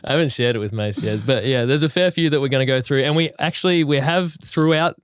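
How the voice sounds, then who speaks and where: A man's voice: mid-range voice, fast talker, smooth, no room sound, clean studio sound. A young man co-hosting a podcast in casual chat, eager and full of likes and ums. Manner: enthusiastic, many fillers. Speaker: podcast co-host.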